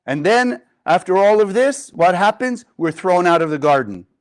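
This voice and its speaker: A man's voice: sits high, animated, moderate pace. A man teaching a group in a live class, retelling a story and asking many rhetorical questions. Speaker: Kabbalah teacher.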